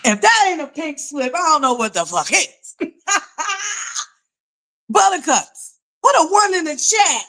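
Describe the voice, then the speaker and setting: A woman hosts a live commentary chat, sassy, mocking and profane. Her voice sits a little high and swoops with lively pitch. She drawls slowly and lets every jab land. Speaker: commentary channel host.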